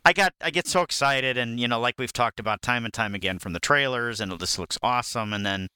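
A man co-hosting a casual movie podcast, agreeable and quick to affirm, with stumbling starts. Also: medium pitch, sharp tone, clean tone, dry recording. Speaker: podcast co-host, movie reviewer. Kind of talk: casual chat.

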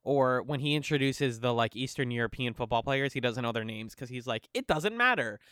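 A man's voice: medium pitch, brisk, clean tone, no echo, clean studio sound. A man co-hosting a podcast, chatting casually about a film with lots of fillers. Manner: rambling, filler-heavy, animated impressions. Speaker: podcast co-host. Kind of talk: casual chat.

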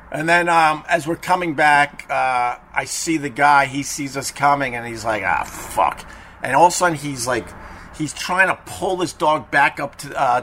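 A man's voice: a little high, bright, forceful tone, slight background noise. A man hosting a podcast, telling a story in a chatty, profane way and acting out quoted people with raised voices. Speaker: podcast host. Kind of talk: casual storytelling monologue.

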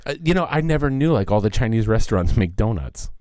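A man's voice: on the low side, very animated, fast, darkish tone, dry recording, clean studio sound. A middle-aged man co-hosting a podcast, telling a story in a casual, profane way and acting out the people he quotes. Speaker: podcast co-host.

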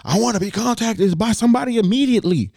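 A man putting on the voice of a shrill, indignant middle-aged woman customer who is shouting her complaints. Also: fast talker, vocal fry, no room sound, studio quality. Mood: demanding.

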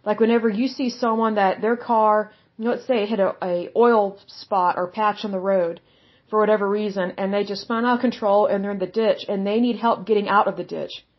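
A woman's voice: medium pitch, steady tone, brisk. A woman talks through a Bible passage in a plain, conversational way. She is blunt and outspoken and says things straight. The audio is slightly dull and lo-fi. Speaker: podcast Bible teacher. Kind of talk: casual Bible teaching.

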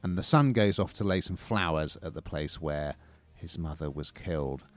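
A man's voice: extremely low pitch, moderate pace, faint music behind. A man casually reviewing films and TV series on a radio show, chatty and opinionated.

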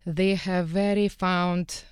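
A woman's voice: lowish voice, level tone, slow pace, smooth, dry recording, clean studio sound. A woman with a Russian accent, a salon owner and skin care specialist, speaking earnestly in slightly broken English on a radio panel. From Eastern Europe.

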